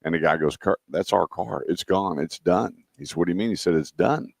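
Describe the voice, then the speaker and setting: Deep-voiced man hosting a radio show. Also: a little fast, gravelly, no room sound, studio quality. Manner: storytelling, acts out callers' voices. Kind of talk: casual radio chat.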